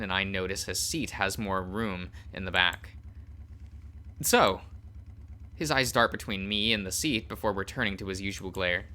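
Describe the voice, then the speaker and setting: Bright-toned man narrating a visual novel. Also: lowish voice. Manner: casual narration with fillers and self-corrections. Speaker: let's play host. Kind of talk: reading a visual novel aloud.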